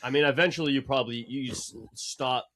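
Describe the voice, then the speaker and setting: A man's voice: medium pitch, brisk, fairly bright tone. A man with a Boston accent chatting on a podcast, laid-back and rambling, full of "like" and swearing. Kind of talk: casual profane chat.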